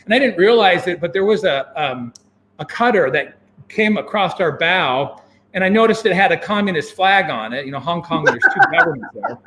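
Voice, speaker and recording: A man telling a long personal story as an interview guest, animated and full of fillers and chuckles. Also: sits high, slight background noise. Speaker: guest, venture capitalist. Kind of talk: casual anecdote telling.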